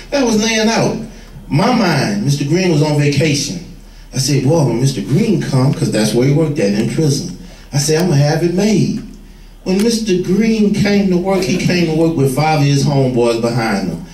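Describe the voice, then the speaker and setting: A former gang leader telling street stories to young people, vivid and plain-spoken. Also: male voice, a little high, expressive, normal speed, a little mellow. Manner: vivid storyteller, acts out quoted voices. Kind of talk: storytelling talk to a room. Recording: echoey room, far from the mic.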